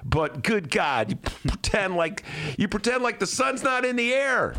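Podcast co-host from Chicago, a man with a slightly high, gravelly voice, ranting sarcastically. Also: moderate pace. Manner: animated and sarcastic, slips into mocking voices. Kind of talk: casual podcast chat, ranting commentary.

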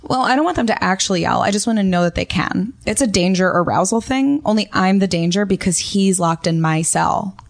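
A woman's voice: mid-range voice, expressive, fairly quick, few pauses. A woman co-hosting a scripted comedy podcast, delivering absurd lines in a dry, matter-of-fact way. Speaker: co-host.

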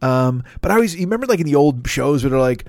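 Profane rambling man, slightly high voice. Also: quick pace, no room sound, clean studio sound. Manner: profane, riffing, animated. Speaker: podcast host. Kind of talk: rambling comedic monologue.

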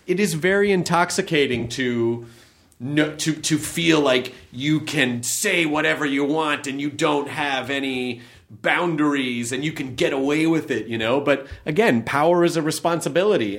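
A man with a fairly high voice talks in a loose, casual conversation. He is animated and laughs easily, often breaking off his sentences and starting them again. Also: moderate pace.

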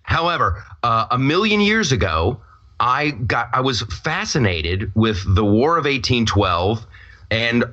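A man who is a comedian and podcast host, telling a rambling, animated comic story and then interviewing a guest. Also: medium pitch, a little slow, lo-fi sound. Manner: rambling, animated, self-mocking. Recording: echoey room with audience noise. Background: audience laughter.

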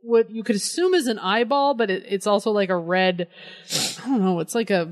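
A woman's voice: mid-range voice, a little fast. A woman co-hosting a podcast, chatting casually and playfully, joking and laughing often. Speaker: podcast co-host. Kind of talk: casual chat.

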